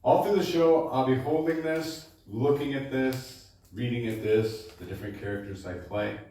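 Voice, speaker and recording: A man, a baritone singer, casually introducing his show to a live supper club audience and often checking in with "okay?". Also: moderate pace, dark tone. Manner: chatty, keeps checking in with "okay?". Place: supper club performance room. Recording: echoey room, distant mic.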